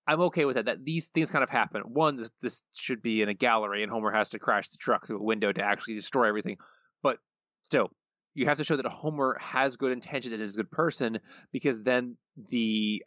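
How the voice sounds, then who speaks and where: A man's voice: medium pitch, a bit bright, no echo, lo-fi sound. A man co-hosting a podcast, laying out how a TV episode should have been written in a methodical, casual way. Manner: methodical, prescriptive critique. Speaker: podcast co-host.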